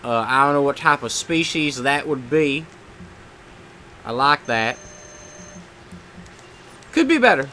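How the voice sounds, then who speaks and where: A man's voice: mid-range voice, measured pace, long pauses, bright, forceful tone, a little hiss or hum. A young man chatting casually while he live streams a game, rambling and swearing at the game now and then. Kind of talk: casual chat while gaming.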